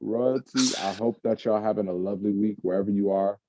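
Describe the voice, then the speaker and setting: A man co-hosting a podcast in casual, joking chat, now and then breaking into slow crooning. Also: on the low side, dark tone, a little hiss or hum. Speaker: podcast co-host. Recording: dull lo-fi sound.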